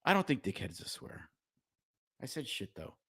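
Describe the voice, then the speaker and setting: A man co-hosting a casual chat over drinks. He rants with heavy sarcasm and swears freely, his pitch swinging widely from line to line. The voice sits mid-range and sounds dry, close to the mic. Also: big pitch swings, normal speed, fairly bright tone, husky, no echo. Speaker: podcast co-host.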